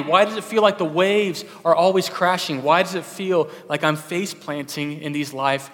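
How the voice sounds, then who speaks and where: A man's voice: a little high, normal speed, hardly any pauses, a bit bright, a little hiss or hum. A young adult man preaching a sermon as a pastor, conversational, with many fillers and restarts. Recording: long hall reverb.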